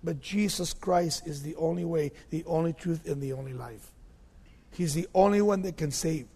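A man preaching a sermon, emphatic, repeating key phrases and dropping to low, quiet tones. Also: moderate pace, husky, big-room sound.

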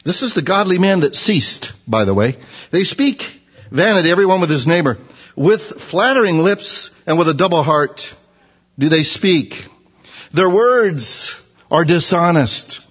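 A man preaching a sermon, animated and acting out the dialogue in character voices. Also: a little high, measured pace, breathy edge. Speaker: pastor. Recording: dull sound in a reverberant hall.

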